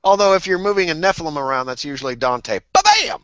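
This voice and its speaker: A man's voice: a little high, fast, clean tone, no room sound, dull audio. A man co-hosting a gaming podcast in casual chat, making crude jokes. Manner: animated, crude joking. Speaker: podcast co-host.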